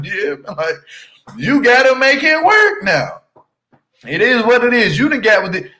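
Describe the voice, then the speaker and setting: A man's voice: very high voice, wildly swooping pitch, a little slow, long pauses, pushed and bright, poor audio. A man giving casual, slangy recap commentary on a reality show, teasing and laughing as he talks. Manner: repeats "you hear me" for emphasis.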